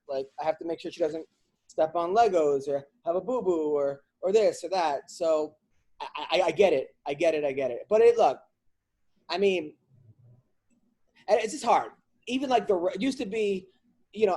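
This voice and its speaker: His voice on the high side, a comedian hosting a podcast vents in a relaxed chat, rambling in an animated, comic fashion and frequently restarting.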